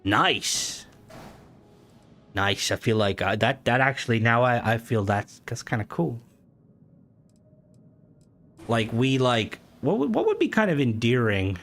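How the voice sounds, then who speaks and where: A young man with an Irish accent streaming a game, chatting casually and reading comments aloud, joking and swearing, his voice jumping high when he gets worked up. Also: big pitch swings, unhurried, pauses often, fairly bright tone, faint music behind.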